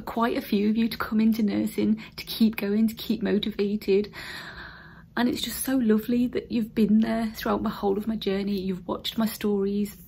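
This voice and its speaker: A mid-range, slightly mellow voice with a breathy edge belongs to an English woman in her thirties, a newly qualified nurse, vlogging casually to camera from an emptied room at home. She's teary and emotional, her speech often breaking into whispers.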